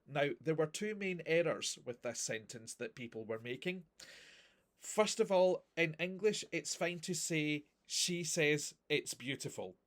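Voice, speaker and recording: A man teaching a recorded grammar lesson, explaining patiently with examples and checking understanding often. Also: fairly high pitch. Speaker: language teacher.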